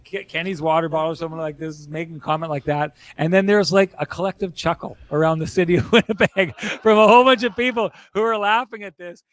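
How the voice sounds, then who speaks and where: A man co-hosting a hockey post-game show, talking casually with strong opinions and frequent laughter. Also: high-pitched. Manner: animated, opinionated, laughs often. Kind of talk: casual sports talk. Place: bar.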